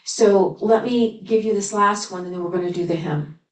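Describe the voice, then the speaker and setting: A woman's voice: mid-range voice, moderate pace. Woman reading scripture in an echoey hall. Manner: reads old scripture aloud, then breaks in with chatty asides and giggles. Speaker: spiritual teacher. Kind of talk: sermon reading scripture with commentary. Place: spiritual center service room. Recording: echoey room, voice from far off.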